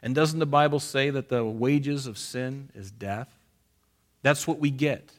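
A man's voice: medium pitch, measured pace. Folksy man preaching a Bible study. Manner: folksy, repeats phrases for emphasis, directs listeners to underline verses. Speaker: pastor. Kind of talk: conversational Bible-study sermon.

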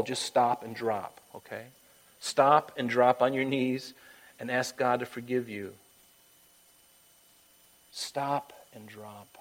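A man preaching a sermon and then leading a prayer. His delivery is emphatic, swinging between loud urging and quiet, hushed lines, and he sometimes slips into a high falsetto to act out voices. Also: poor audio. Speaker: pastor.

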